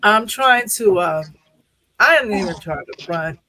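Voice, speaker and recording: A woman's voice: medium pitch, animated, a little slow, bright, forceful tone, rough recording. A woman hosting an online poetry show, talking casually and holding back tears. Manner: tearful, laughing through emotion. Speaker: host. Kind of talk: emotional casual chat.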